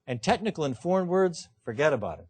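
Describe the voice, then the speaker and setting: A man's voice: a little high, big pitch swings, fast, a little mellow, husky. A man, a law professor, lecturing to a live audience in a punchy, emphatic way with dry self-mocking humor. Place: lecture hall.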